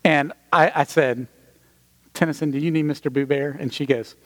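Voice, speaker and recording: Male preacher, fairly high voice, chatty sermon storytelling with quick asides. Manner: conversational, animated storytelling with asides to the congregation.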